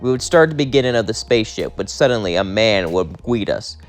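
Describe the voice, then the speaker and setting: A man's voice: on the low side, expressive, brisk, faint music behind. A young man casually narrating his own fan-fiction adventure, rambling and acting out every character himself. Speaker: storyteller.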